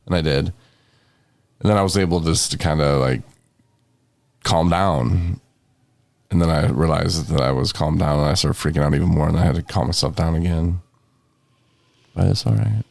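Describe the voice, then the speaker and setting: A young man with a very deep, gravelly voice talks through a casual podcast while sick with covid. He rambles and jokes his way from one thought to the next, sounding tired. The recording is close and dry. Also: normal speed, pauses often, a little mellow, dry recording. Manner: rambling, joking, meandering. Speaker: podcast host.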